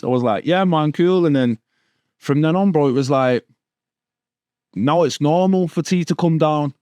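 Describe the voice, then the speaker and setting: Here a Stockport man with a Manchester accent, a podcast guest in his thirties, relates stories in casual street talk, often dropping "bro" and "do you know what I mean." He speaks a little fast in a somewhat high, darkish, smooth voice. The recording is dry and clean, studio grade.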